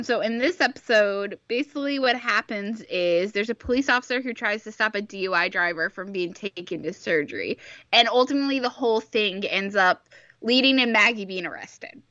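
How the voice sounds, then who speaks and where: A woman's voice: medium pitch, bright, forceful tone, no room sound. A woman co-hosting a casual fan chat, enthusiastic and full of fillers. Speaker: podcast co-host. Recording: dull lo-fi mic.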